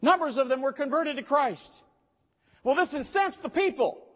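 High-voiced man preaching in a reverberant church. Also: lively intonation, normal speed. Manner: storytelling, rising to loud emphatic peaks. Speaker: pastor. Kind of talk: sermon. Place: church sanctuary. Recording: dull lo-fi audio with long hall reverb.

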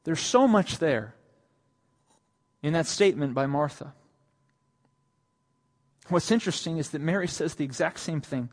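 A man preaches slowly and deliberately, with a fairly high voice for a man. His delivery climbs to emphatic heights, then drops to something quiet and close. The sound rings with the long reverb of a large hall. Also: animated. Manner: rises to emphatic, raised delivery on quoted lines, then drops soft and low. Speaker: pastor. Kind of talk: sermon.

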